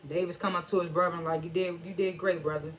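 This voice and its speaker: With slight background noise, a medium-pitched voice with a level tone speaks at a quick pace. The speaker, a TV reviewer using AAVE, casually retells an episode scene by scene and line by line, quoting characters as "he was like" and chuckling at the twists as they react.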